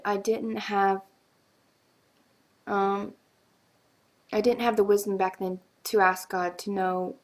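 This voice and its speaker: A woman giving a personal faith testimony to viewers, earnest and halting, with many pauses and restarts. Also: medium pitch, darkish tone. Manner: emotional, confessional.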